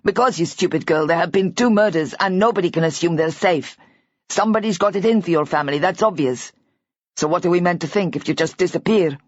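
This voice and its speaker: A woman reading an audiobook, voicing a gruff, agitated young man who scolds and then softens. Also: fairly low pitch, brisk, no room sound, close to an everyday voice. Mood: scolding. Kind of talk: audiobook character voice. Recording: dull, dry audiobook recording.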